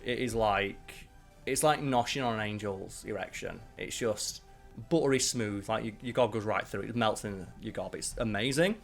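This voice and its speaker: Rambling, profane man. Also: medium pitch. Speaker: channel host ranking biscuits. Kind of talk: casual live-stream chat.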